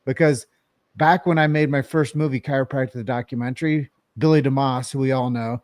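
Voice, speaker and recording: A man's voice: mid-range voice, fairly even intonation, a little fast, a little mellow, dry recording, clean studio sound. A man co-hosting a podcast, talking earnestly in a casual, rambling way and asking a guest a question. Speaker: podcast co-host.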